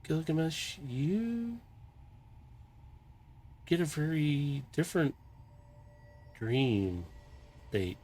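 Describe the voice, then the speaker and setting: A man running a tabletop game as game master, narrating a dream scene in a calm, meandering, descriptive way. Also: fairly high pitch, extremely slow, pauses often.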